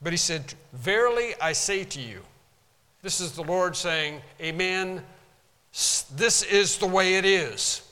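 A man's voice: high voice, lively intonation, slow, bright, forceful tone, long reverb tail. A man preaching a sermon as pastor from a pulpit, in an emphatic manner that stresses single words and sometimes pounds the pulpit. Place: church sanctuary.

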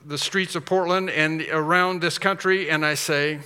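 A man preaching a sermon, telling a story in an animated way and then closing earnestly toward prayer. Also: on the high side, normal speed, clean tone, in a large hall. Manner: animated storytelling, shifts to soft earnest close.

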